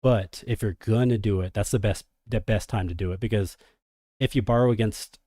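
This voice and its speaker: A man's voice: on the low side, fairly quick, no room sound, studio quality. A man hosting a casual crypto livestream, talking energetically to his viewers and calling them degens. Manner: energetic, hype-driven, addresses viewers as degens.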